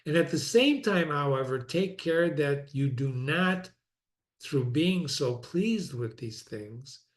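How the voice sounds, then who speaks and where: A man's voice: a little high, expressive. A man reading classic philosophy aloud and commenting on it, reflective and conversational, often repeating phrases for emphasis. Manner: reads quoted passages slowly and deliberately. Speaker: reader and teacher of classic philosophy.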